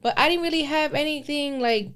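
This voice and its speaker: A woman in her thirties co-hosting a podcast, telling stories in a casual, animated way with frequent laughter. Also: sits high, fairly quick. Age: 30s. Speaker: podcast co-host. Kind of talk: casual chat.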